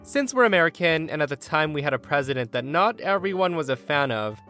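A man reading an online story aloud in an animated, emphatic way. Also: fairly high pitch, fairly quick, soft background music. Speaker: story narrator.

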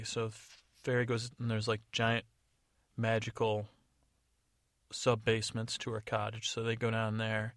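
A man's voice: lowish voice, completely flat delivery, unhurried, fairly bright tone, no room sound, clean studio sound. Rambling man improvising a story. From United States. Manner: rambling, digressive, many fillers. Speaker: podcast storyteller.

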